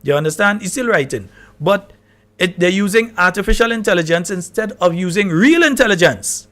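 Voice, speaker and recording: A man's voice: high-pitched, animated, a little fast, pushed and bright. A man hosting a live talk radio show, chatty and often checking that listeners understand. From Grenada.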